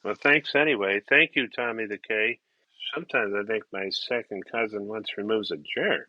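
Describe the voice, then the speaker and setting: A man playing an awkward amateur stand-up comedian who chuckles at his own weak jokes and clears his throat nervously. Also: lowish voice, normal speed, no echo, muffled recording, close to an everyday voice. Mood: deflated. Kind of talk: comedy sketch stand-up bit.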